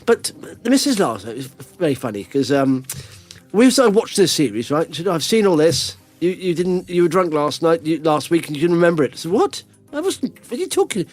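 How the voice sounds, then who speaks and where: A man's voice: a little high, animated, fairly quick, darkish tone, soft background music. A man hosting a podcast, telling rambling stories full of restarts and fillers in a casual chat. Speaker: podcast host.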